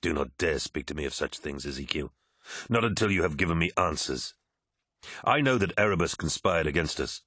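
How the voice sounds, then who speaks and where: A man voicing a stern warrior captain who speaks quietly and tersely, holding back his anger, in a dry, husky voice. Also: very deep voice, lively intonation, brisk, no echo, full character voice. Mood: accusing.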